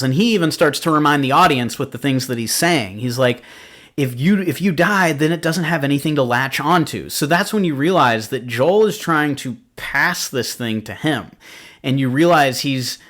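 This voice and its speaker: A man's voice: mid-range voice, a bit bright. A man hosting a podcast, chatting casually about horror films, rambling with lots of fillers and swearing freely. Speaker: podcast host. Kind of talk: casual film review chat.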